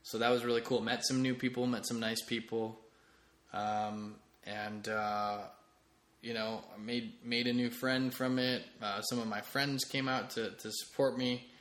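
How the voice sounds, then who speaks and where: A man's voice: mid-range voice, flat delivery, a little slow, a bit bright. A man hosting a solo comedy podcast late at night, rambling casually with restarts. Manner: rambling, with frequent restarts and fillers. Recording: echoey room.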